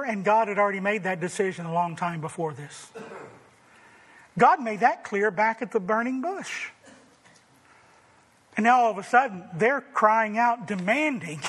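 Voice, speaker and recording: A man preaching a sermon, emphatic and rising to forceful declarations. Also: sits high, big-room sound. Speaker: pastor.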